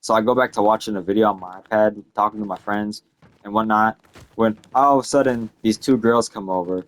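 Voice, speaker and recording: A man's voice: on the low side, fairly even intonation, fairly quick, no echo. A young man in his late teens telling a story in a casual, exasperated rant, swearing freely and checking in with "okay?" and "all right?". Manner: profane, tags lines with "okay?" and "all right?"; exasperated, ranting.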